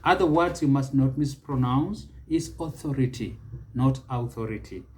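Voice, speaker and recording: Male teacher with a Kenyan accent, mid pitch, mellow and unhurried, drills each word over and over. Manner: slow, deliberate, repeats each word several times. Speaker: pronunciation teacher. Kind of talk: English pronunciation lesson.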